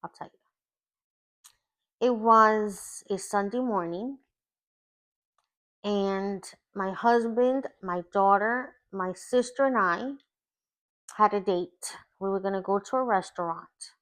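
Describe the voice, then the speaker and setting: A woman life coach shares a personal testimony of faith, telling it slowly and emotionally with long pauses. Her voice sits at medium pitch and has a fairly bright tone.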